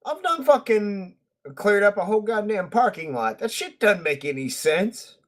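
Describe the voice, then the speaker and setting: A man's voice: sits high, lively intonation, moderate pace. A man ranting heatedly on a casual podcast, swearing a lot. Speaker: podcast co-host. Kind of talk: casual profane chat.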